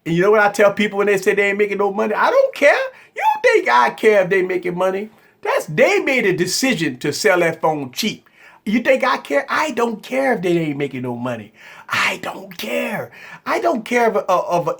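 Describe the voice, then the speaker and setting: A man's voice: on the high side, fairly bright tone, breathy edge. A man hosting a live tech stream, talking in a rambling, repetitive, conversational way and answering viewers. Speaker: tech channel host.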